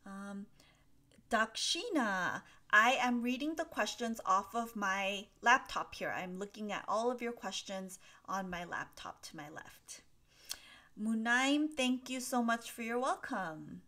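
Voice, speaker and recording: A woman's voice: a little high, expressive, slow, bright, forceful tone. A woman English teacher answering viewers' questions on a live stream, explaining patiently with many fillers and reading from a laptop. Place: at a desk with a laptop.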